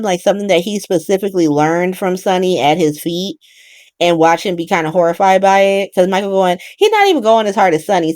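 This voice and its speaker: A woman hosting a casual soap opera recap, talking in an animated, profane way with laughing asides. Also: mid-range voice, no echo, clean studio sound.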